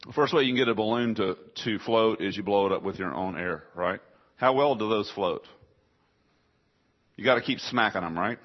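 A man's voice: fairly low pitch, dull audio. Man preaching a conversational sermon. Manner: conversational preaching, rhetorical questions, voices listeners' objections. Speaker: pastor.

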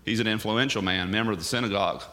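A man's voice: fairly low pitch, rapid-fire, fairly bright tone. A male pastor giving a sermon in an emphatic, conversational way, full of rhetorical questions.

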